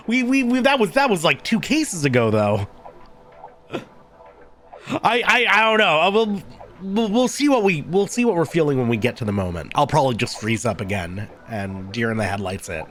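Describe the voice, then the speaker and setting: A male streamer chats his way through a game session in a high, bright voice that swings up and down. He rambles and jokes, trips over his own restarts, and swears now and then. Faint music sits underneath him. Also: big pitch swings, moderate pace. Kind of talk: casual live-stream chat while playing and voicing a game.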